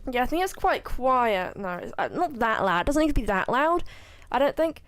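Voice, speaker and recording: A woman's voice: a little high, big pitch swings, moderate pace, soft background music. A woman casually commenting over gameplay, rambling and joking with mock boasts and internet slang aimed at her chat. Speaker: gaming video host.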